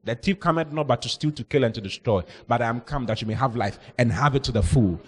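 A male pastor preaching a lively sermon, reading scripture and acting out the people in it, sometimes shouting. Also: medium pitch, quick pace, hardly any pauses, some chatter behind, a little hiss or hum. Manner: animated, shouting out and acting out Bible characters.

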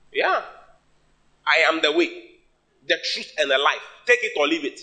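A man preaching a sermon in English, which is not his first language; he is emphatic and his voice jumps up in sudden high bursts. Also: lively intonation, normal speed, pauses often, pushed and bright. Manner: sings a hymn line at the start.

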